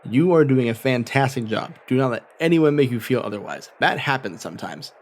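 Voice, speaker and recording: A man voicing a gruff, fired-up football coach who blusters and swears. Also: mid-range voice, expressive, brisk, close to an everyday voice.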